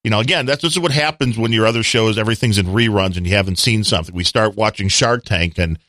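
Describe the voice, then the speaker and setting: A man's voice: fairly low pitch, quick pace, sharp tone, no echo, clean studio sound. A man co-hosting a podcast, chatting casually and joking with rambling asides. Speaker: podcast co-host. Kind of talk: casual chat.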